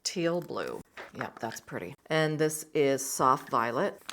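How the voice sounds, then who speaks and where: Testing pencils and paint on her casual art vlog, a middle-aged woman speaks slowly in a rumbling low voice with big pitch swings and a fairly bright tone. She chats eagerly and murmurs to herself, with slight background noise.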